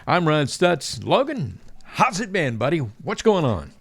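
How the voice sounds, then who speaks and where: Radio host guy, gravelly voice, bounces pitch all over, dry close sound. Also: measured pace, dry recording. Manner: animated announcer delivery, jokey. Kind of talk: radio talk show hosting.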